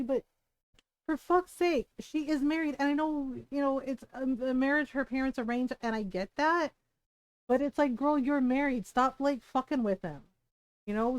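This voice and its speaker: High-voiced, ranting, profane woman streamer. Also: no room sound. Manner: profane, ranting, mock-outraged. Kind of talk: casual game-stream commentary.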